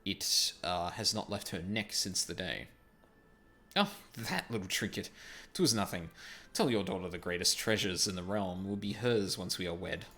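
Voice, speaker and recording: A man voicing a pompous, wealthy older merchant who blusters and shouts for his guards in a game reading. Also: deep voice, expressive, moderate pace, full character voice. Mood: fawning.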